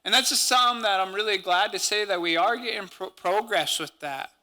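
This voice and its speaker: A man's voice: sits high, brisk, pushed and bright. A man from Montana giving an earnest, conversational talk at a language symposium as a speaker and language teacher, dropping native-language words into his English. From Montana, USA. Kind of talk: conference talk.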